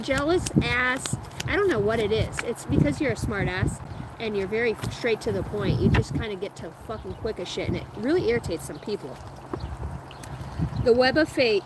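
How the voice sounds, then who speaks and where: A woman in her thirties or forties reading tarot cards live, chatting loosely with viewers and swearing freely. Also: medium pitch. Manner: loose, profane, laughing, reading chat aloud. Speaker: tarot reader streaming live. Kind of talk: casual live-stream chat and card reading. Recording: loud background noise.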